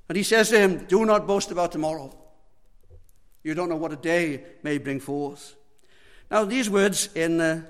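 A man preaching a sermon, pleading with passion, swinging between loud and hushed. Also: high-pitched, in a large hall.

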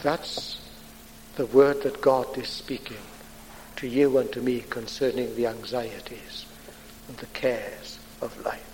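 A man preaching a sermon in a deliberate, emphatic way with dramatic pauses. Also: medium pitch, level tone, a little mellow. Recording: long hall reverb, faint background noise.

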